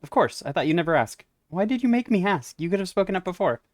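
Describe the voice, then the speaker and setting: A man's voice: high-pitched, sing-song, quick pace, darkish tone, dry recording. A man who streams games, giving casual let's-play commentary and reading the dialogue aloud with wry asides. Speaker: game streamer.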